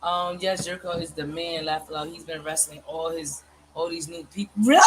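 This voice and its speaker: A woman's voice: deep voice, fairly even intonation, moderate pace, slight background noise. A woman in a casual, chatty conversation, reminiscing with plenty of fillers. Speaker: host. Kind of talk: casual chat.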